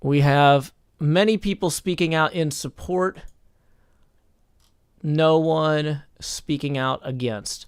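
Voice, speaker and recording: A man hosting a livestream, speaking in a measured, mock-formal way, like a judge holding court. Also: on the high side, steady tone, clear, resonant tone, no room sound, clean studio sound. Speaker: streamer hosting a game server. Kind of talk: casual livestream chat.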